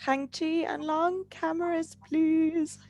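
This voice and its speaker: A woman's voice: very high voice, level tone, takes it slowly, darkish tone. A woman teaching an online English class on a video call, upbeat and teasing.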